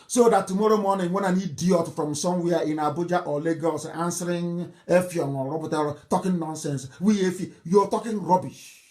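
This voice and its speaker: A middle-aged man with a Nigerian accent giving a fiery live broadcast speech, mocking and scornful, often breaking into laughter. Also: high-pitched. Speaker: political broadcaster.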